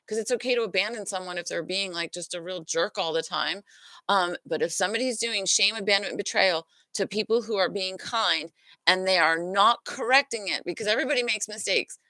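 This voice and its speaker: A woman hosting a healing talk, teaching in an earnest, searching way and pausing to regroup her thoughts. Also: medium pitch, sharp tone, no echo. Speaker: host, emotional healing teacher. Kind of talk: unscripted teaching monologue.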